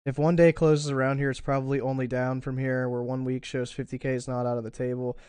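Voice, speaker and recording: A man's voice: mid-range voice, little pitch movement, quick pace, darkish tone, smooth, no room sound. A man casually breaking down market charts. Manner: casual, thinking aloud with fillers and restarts. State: has the hiccups. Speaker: crypto trading streamer. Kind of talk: live market analysis chat.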